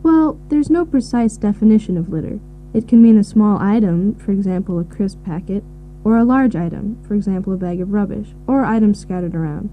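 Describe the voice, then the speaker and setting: A woman giving measured, informative answers in a scripted listening recording. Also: medium pitch. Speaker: expert answering questions. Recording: tinny phone-like audio with faint hiss.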